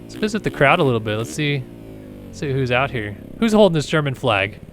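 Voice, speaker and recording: A man's voice: medium pitch, big pitch swings, a little fast, vocal fry, a bit bright, soft background music. A man casually commentating a racing game stream in a rambling, laid-back, chatty way.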